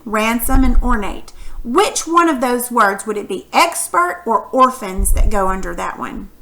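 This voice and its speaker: Bright-voiced woman teaching a phonics lesson. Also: fairly high pitch. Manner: patient, encouraging, asks questions. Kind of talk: recorded phonics lesson for students.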